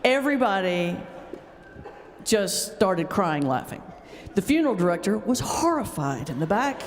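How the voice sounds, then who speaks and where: A woman pastor giving a humorous talk, telling stories in an animated way with sudden jumps in pitch. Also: measured pace, a little hiss or hum. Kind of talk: humorous lecture storytelling. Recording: long reverb of a large hall.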